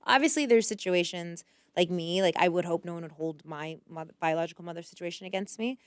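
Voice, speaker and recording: A woman talking as a guest in a casual podcast chat, candid and quick with asides, swearing freely. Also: fairly low pitch, clear, resonant tone, dry recording.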